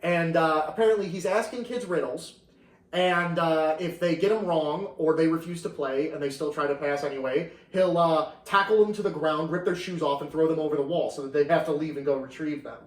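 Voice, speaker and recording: A man casually telling a story on a podcast, animated, laughing often and acting out the voices of the people in it. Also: fairly high pitch, fairly quick. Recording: roomy, distant mic.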